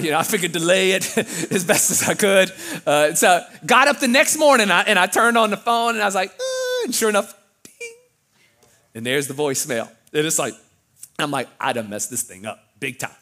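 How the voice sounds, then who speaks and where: A man preaching a sermon, telling a story in an animated way, loud one moment and quiet the next. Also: on the high side. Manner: animated, with big swings of loudness. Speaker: pastor.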